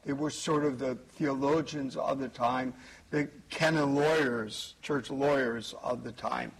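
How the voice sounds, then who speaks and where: A man preaching a homily at Mass as the priest, slowly and with careful emphasis. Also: medium pitch, steady tone, vocal fry, slightly rough, low-quality recording. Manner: slow, measured preaching with pauses and emphasis.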